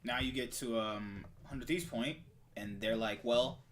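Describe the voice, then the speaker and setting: A man's voice: medium pitch, measured pace, a bit bright, a little hiss or hum. A young man in casual esports debate chat, teasing and argumentative as he makes his points.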